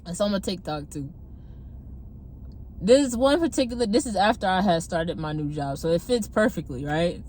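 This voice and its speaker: A young woman telling a personal testimony in a casual, animated way, laughing often and acting out her own past outbursts, talking from her parked car. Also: fairly low pitch, normal speed, slight background noise. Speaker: testimony vlogger. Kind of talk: casual storytelling.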